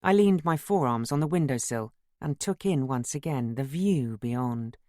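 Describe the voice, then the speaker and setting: A narrator giving a measured, literary first-person audiobook reading. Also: male voice, medium pitch, expressive, darkish tone, dry recording, clean studio sound.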